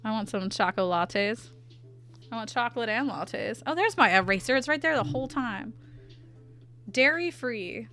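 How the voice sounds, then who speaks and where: An artist streamer, a young woman, chats playfully with her live chat while drawing, answering their messages aloud. Her fairly high, fairly bright voice has lively intonation and a moderate pace, with faint music in the background.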